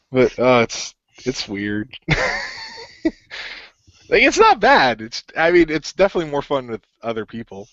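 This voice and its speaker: A man's voice: mid-range voice, huge pitch swings, a little slow, long pauses, a bit bright, dry recording, highs cut off. A man co-hosting a podcast in casual chat, rambling with lots of fillers. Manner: rambling, filler-heavy, full of "like". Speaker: podcast co-host.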